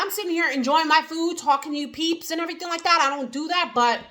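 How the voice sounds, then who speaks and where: With an extremely high, sharp voice, this woman talks fast and barely pauses in her casual eat-and-chat vlog. She has a New Jersey accent and rambles to the camera with many fillers and restarts.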